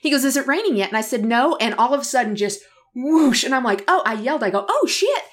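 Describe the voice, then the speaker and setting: Brief: middle-aged woman podcast co-host, animated chatty storyteller, laughs a lot. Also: fairly high pitch, quick pace. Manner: animated storyteller who laughs often and acts out quotes. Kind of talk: casual podcast chat.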